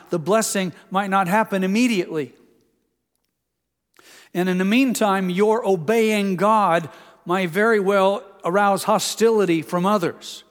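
A man's voice: high voice, long reverb tail. An older man, a pastor, preaching a sermon in a church and putting questions straight to his congregation. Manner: earnest, asks the congregation questions directly. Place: church sanctuary.

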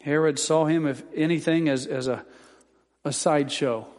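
A man preaching a sermon as pastor, building from calm teaching to emphatic, impassioned peaks. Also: a little high, moderate pace, in a large hall.

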